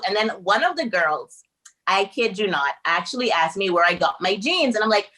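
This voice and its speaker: A woman from the Bahamas, a podcast guest, telling personal stories in a lively way and acting out dialogue. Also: mid-range voice, moderate pace. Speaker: podcast guest, anti-racism educator. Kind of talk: animated personal storytelling.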